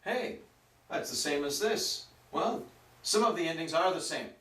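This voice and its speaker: A man with a slightly high voice gives a grammar lesson at a slow, deliberate pace, drawing out each word. He sits well back from the microphone, so his voice carries a roomy echo. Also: expressive, a bit bright. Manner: slow, deliberate, stretches out Spanish words for pronunciation. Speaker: Spanish teacher. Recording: roomy echo, mic some distance off.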